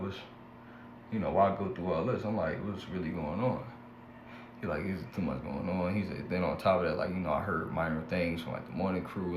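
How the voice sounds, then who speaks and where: A young man telling his own story in a casual, slangy rant, acting out both sides of each exchange. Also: deep voice. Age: young adult. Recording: echoey room with faint background hum.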